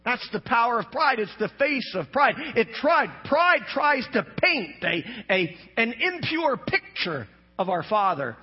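A man pastor delivering a sermon, climbing into shouts and dropping to low, emphatic asides, on a dull lo-fi recording. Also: big pitch swings, a little slow, husky.

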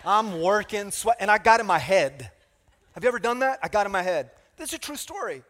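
In a reverberant church hall, a male pastor with a high-pitched, brisk voice preaches a sermon. He tells an animated, self-mocking story and calls out to the congregation.

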